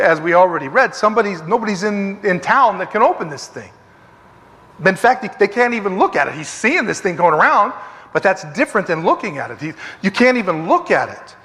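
High-voiced man teaching in an echoing hall. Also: fairly bright tone. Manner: emphatic, digressive, repeats phrases for stress. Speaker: Bible teacher. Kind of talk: conversational Bible study. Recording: long reverb of a hall.

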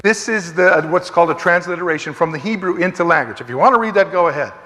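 Man, high-pitched voice, bible study teacher, emphatic, rambling, long hall reverb. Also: expressive, fast, pushed and bright. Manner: emphatic, digressive, repeats phrases for stress.

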